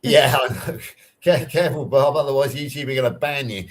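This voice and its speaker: A man's voice: mid-range voice, fairly quick. An Englishman with a Southern English accent, chatting casually on a live stream video call and explaining things through personal anecdotes. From England. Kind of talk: casual chat.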